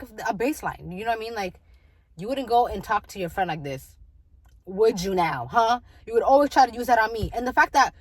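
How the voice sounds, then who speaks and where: A woman's voice: fairly high pitch, no echo, rough recording. A young woman talking candidly in a casual vlog, rambling with many fillers and restarts. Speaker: vlogger.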